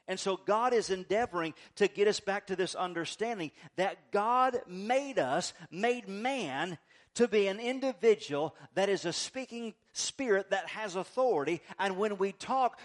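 Male pastor, high-pitched, chatty sermon delivery, playful dialogue bits, soft asides and loud bursts. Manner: conversational preaching with playful acted-out dialogue; shifts between soft low asides and loud emphatic bursts.

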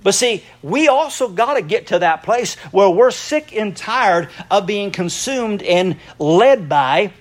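A middle-aged male pastor delivers a sermon in a noticeably high voice. He preaches by telling stories and breaks into laughter often. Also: slow, hardly any pauses. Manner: lively storytelling, laughing often.

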